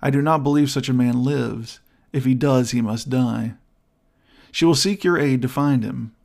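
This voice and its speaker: Guy voicing a cold scheming nobleman, gravelly, calm and persuasive, audiobook read. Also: mid-range voice, natural voice. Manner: smooth, persuasive, measured arguing. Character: scheming young male nobleman, cold and vengeful. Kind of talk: audiobook character voice.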